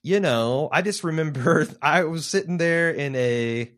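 A man in his thirties co-hosting a casual film chat, halting and searching for words, getting animated when he tells a story. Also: on the high side. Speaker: podcast co-host.

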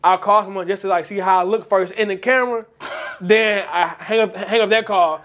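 A man's voice: high-pitched, fairly even intonation, brisk, a bit bright. A young man chatting casually with friends, rambling and laughing often. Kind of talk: casual chat.

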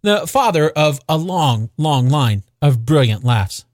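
A man narrating a classic novel as an audiobook, with expressive, measured storytelling. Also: fairly high pitch, no room sound, studio quality.

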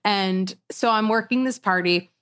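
A woman's voice: medium pitch, measured pace, clean tone. A young woman telling a story casually, laughing often and acting out what people said. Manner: animated, laughs often, acts out quotes. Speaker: storyteller guest.

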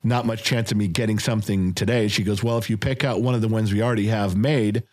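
A middle-aged man co-hosting a casual podcast, telling family stories with lots of swearing and acting out quotes in a raised, high voice. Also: fast talker. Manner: animated storyteller, acts out shouted quotes in a high voice, swears freely. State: recovering from illness. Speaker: podcast co-host. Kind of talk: casual storytelling chat.

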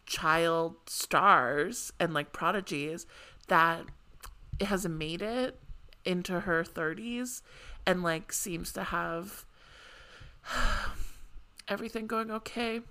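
Slow-talking, bright-voiced woman podcast host. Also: lowish voice. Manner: chatty, frequent "like" fillers, bursts of excitement. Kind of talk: casual podcast chat.

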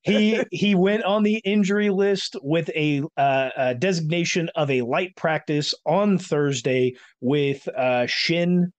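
A man's voice: on the high side, takes it slowly, few pauses, no room sound, highs cut off. Chatty man hosting a sports podcast. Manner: chatty, rambling with filler words. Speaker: podcast host. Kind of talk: casual sports podcast chat.

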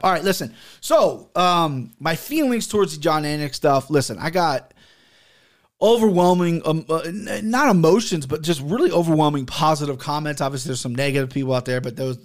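Brief: thirties male host, slightly high voice, animated and profane storyteller. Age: 30s. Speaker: podcast host and sports betting handicapper. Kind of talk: casual storytelling monologue. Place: home studio.

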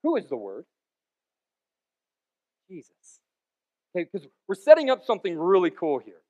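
A male pastor with a high voice delivers a sermon full of playful, wandering asides. His delivery swings between loud, emphatic bursts and softer stretches. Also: huge pitch swings, normal speed, long pauses, lo-fi sound. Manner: jokey, rambling asides with sudden loud peaks.

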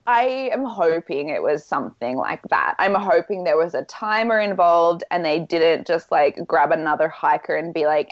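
A woman's voice: deep voice, sing-song, normal speed, hardly any pauses, no echo, highs cut off. A woman with an Australian accent, chatting candidly and self-deprecatingly as a podcast co-host. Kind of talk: casual chat.

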